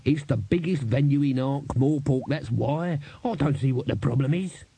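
Man reading a wheedling male hustler in a fantasy audiobook, dark, husky voice, dry sound. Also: medium pitch, normal speed, dry recording, voice pushed up. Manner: wheedling, soothing. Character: smooth-talking male street trader and promoter. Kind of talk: audiobook character voice.

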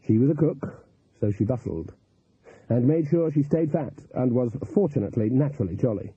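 A man narrating an audiobook in an expressive, lively storytelling manner. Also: medium pitch, normal speed, breathy edge, no room sound. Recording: tinny, phone-like, dry audio.

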